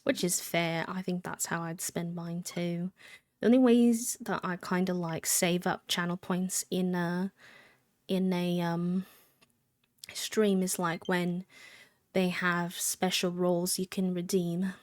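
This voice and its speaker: A woman's voice: fairly low pitch, flat delivery, takes it slowly, darkish tone, dry recording, clean studio sound. A young woman streaming a game live, chatting in a rambling way, answering her chat and thanking subscribers. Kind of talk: casual live-stream chat while gaming.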